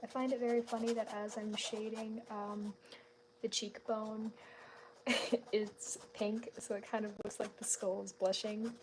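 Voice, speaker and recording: Woman streamer, casual chat while drawing, mid-pitched, chatty and giggly, held-back volume, home at night. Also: little pitch movement, unhurried, background noise. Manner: chatty, laughs often, greets viewers; keeps her voice down so her family is not disturbed. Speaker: art streamer.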